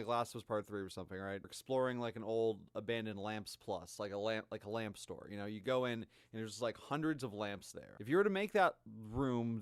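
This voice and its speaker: A man's voice: medium pitch, clear, resonant tone, dry recording. A man streaming, reacting to gaming news with sarcastic, exasperated commentary.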